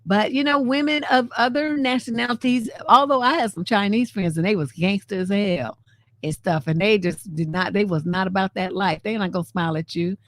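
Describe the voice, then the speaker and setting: A woman relationship coach hosting a live stream, talking in a blunt, sassy, profane and animated way. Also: mid-range voice, a little fast. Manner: animated, laughs often. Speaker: relationship coach and show host. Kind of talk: casual live-stream commentary.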